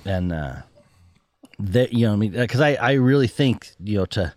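A man's voice: on the low side, expressive, moderate pace, a little mellow, no room sound. A man hosting a podcast in casual chat, rambling, laughing often and restarting his sentences. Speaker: podcast host.

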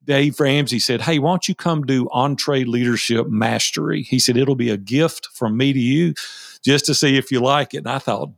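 A man in his fifties, a guest telling personal stories in a folksy, animated way, acting out past conversations. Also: medium pitch, moderate pace, creaky, no room sound, studio quality. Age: 50s. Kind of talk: interview storytelling.

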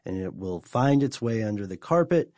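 Podcast co-host, male, low register, loose and joking, dry booth sound. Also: expressive, normal speed, darkish tone, dry recording. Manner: rambling, self-deprecating, jokey asides. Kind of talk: casual chat.

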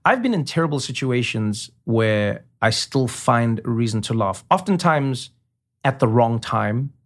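A man, a comedian talking as a guest in a casual interview, animated and quick to slip into imitations. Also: medium pitch. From South Africa. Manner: animated storyteller, slips into imitations.

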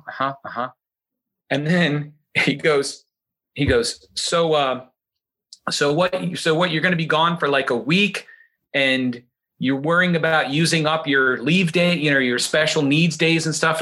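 A man's voice: a little high, normal speed. A middle-aged man telling a story in casual chat, acting out the voices of the people he quotes. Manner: animated, acts out quoted voices.

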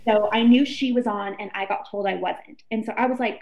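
A woman's voice: medium pitch, a little fast, creaky, narrow, tinny audio. A young woman from Texas, a reality show guest, telling her story casually and acting out what her friends said. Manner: animated storyteller who acts out quoted friends.

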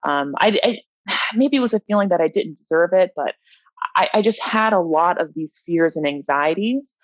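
A woman's voice: lowish voice, expressive, moderate pace, no echo. A young woman, a bike racer, giving open and reflective interview answers, with many "you know" fillers. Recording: dull, dry lo-fi audio.

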